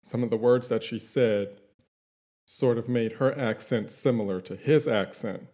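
A man's voice: medium pitch, unhurried, dark tone. A man chatting casually, recapping a TV series in a rambling, easygoing way with many fillers. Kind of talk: casual chat.

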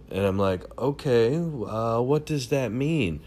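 A man telling a rambling personal story at home, with many fillers and restarts and bursts of excitement. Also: mid-range voice, unhurried, slight background noise. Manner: animated, swings up in excited bursts. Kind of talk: casual storytelling. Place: home room.

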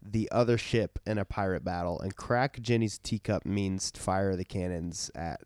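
Male co-host, lowish voice, dry laid-back humor, close dry mic. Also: moderate pace, a little mellow, no room sound. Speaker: podcast co-host. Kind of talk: casual movie podcast chat.

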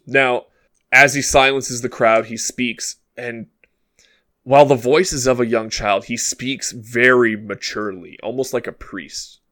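A man narrating a tabletop role-playing game as game master, relaxed and hesitant, with frequent fillers. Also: medium pitch, measured pace.

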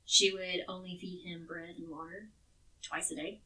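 A woman's voice: fairly low pitch, steady tone, normal speed, sharp tone, distant mic, rough recording. A woman co-hosting a podcast, telling a true crime case in a casual, chatty way with some swearing. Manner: chatty, swearing, restarts words.

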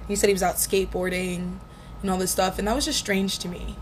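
A young woman in her twenties tells a personal breakup story with blunt, profane candor and lots of animation. Her voice sits at a middle pitch. There is a faint hiss of background noise behind her. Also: little pitch movement, fairly quick. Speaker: vlogger. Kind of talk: casual storytelling.

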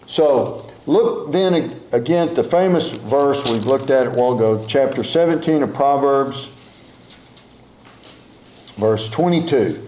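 A man's voice: mid-range voice, expressive, a little slow, mellow, slight background noise. A man preaching a sermon to a congregation in a conversational way, repeating key phrases and correcting himself mid-sentence. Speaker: pastor. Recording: echoey room.

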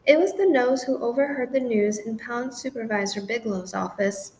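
Woman gently reading a children's story. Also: on the high side, moderate pace, a little hiss or hum, rough recording. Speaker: storybook narrator. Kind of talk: scripted children's story narration.

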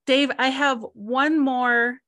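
A woman's voice: high voice, fairly even intonation, takes it slowly, a bit bright. Woman hosting a podcast interview. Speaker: podcast host. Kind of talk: casual interview chat.

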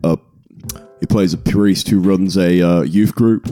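A man's voice: low voice, unhurried, faint music behind. Man chatting on a comedy podcast. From Britain. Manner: laughs a lot, animated storytelling with put-on character voices. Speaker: podcast co-host. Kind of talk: casual comedy podcast chat.

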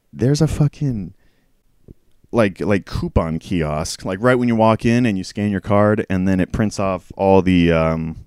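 A man's voice: low voice, a little mellow, smooth, no echo, studio quality. A man telling a work story from his time as a store clerk, in a casual, profane, exasperated storytime rant that rambles along.

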